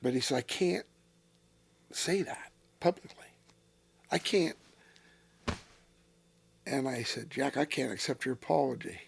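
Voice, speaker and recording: A man in his sixties, a former racing driver as interview guest, telling blunt, profane stories that flare into shouting. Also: medium pitch, lively intonation, measured pace, gravelly, long pauses, slightly rough. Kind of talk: storytelling in a casual interview.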